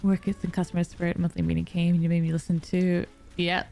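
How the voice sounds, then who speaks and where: A woman streamer chatting softly and calmly on a dynamic mic, sounding sleepy and relaxed. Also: on the low side, fast, gravelly, hardly any pauses, soft background music. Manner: soft, sleepy and calm, yawning. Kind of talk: relaxed live-stream chat. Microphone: dynamic studio mic.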